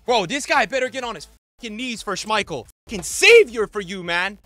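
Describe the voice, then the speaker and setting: A young man streaming a football video game, swearing and ranting, with his voice swinging from low mutters to angry shouts. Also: expressive, brisk, noisy background. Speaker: gaming streamer. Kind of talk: raging gameplay commentary.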